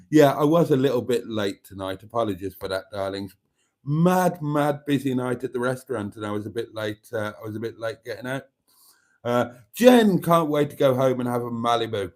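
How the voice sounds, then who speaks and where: Man from Wales with a Birmingham accent, casual and jokey livestream host, frequent throat-clearing. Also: mid-range voice, lively intonation, moderate pace, darkish tone. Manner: chatty and jokey, clears his throat often. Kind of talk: casual livestream chat reading viewer comments.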